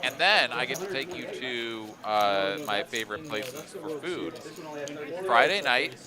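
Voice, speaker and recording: A man's voice: mid-range voice, animated, measured pace, a crowd in the background. A man doing live poker commentary, thinking aloud in a rambling, casual way with lots of fillers.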